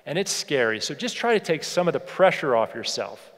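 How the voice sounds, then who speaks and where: Male keynote speaker, fairly high voice, punchy and repetitive, miked on stage in a large hall with long reverb. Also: fairly quick. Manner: energetic, emphatic, repeats phrases for effect. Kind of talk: motivational keynote speech.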